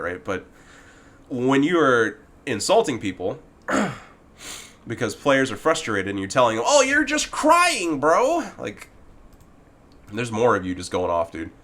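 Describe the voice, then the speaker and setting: A man's voice: lowish voice, a bit bright. Heated, profane man ranting. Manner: talks directly to the person he criticizes. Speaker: gaming commentator. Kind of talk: ranting commentary video.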